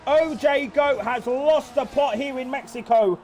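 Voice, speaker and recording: A man giving excitable, swear-filled live commentary on a sim race, often laughing in disbelief. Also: extremely high pitch, a little slow, a little hiss or hum.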